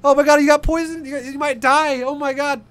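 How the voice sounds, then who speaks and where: A clueless young friend who falls apart in a panic, his voice jumping far up into a shrill, frantic yelp, as a man puts him on. He repeats his cries again and again, loud and breathless. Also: flat delivery, a little fast. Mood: panicked.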